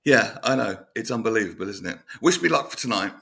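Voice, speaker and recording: Male host, casual rambling chat, lowish bright voice, animated delivery. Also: quick pace, creaky, slightly rough. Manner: rambling and animated, breaking into laughs.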